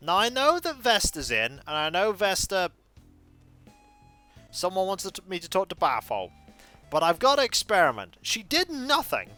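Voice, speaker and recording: Lively, bright-voiced woman streamer. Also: medium pitch, moderate pace, soft background music. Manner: chatty, reacts aloud while reading game dialogue. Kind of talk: casual gaming commentary.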